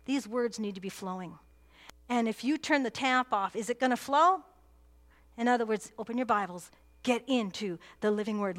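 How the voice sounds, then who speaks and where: A woman's voice: a little high, fairly bright tone. A woman pastor preaching a sermon, earnest and emphatic, repeating key phrases for weight.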